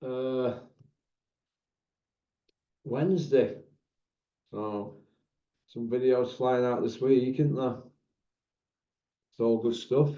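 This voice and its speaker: A man's voice: mid-range voice, steady tone, extremely slow, long pauses, mellow. A man hosting a casual chat, full of teasing, laddish banter. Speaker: host. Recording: roomy, dull lo-fi sound.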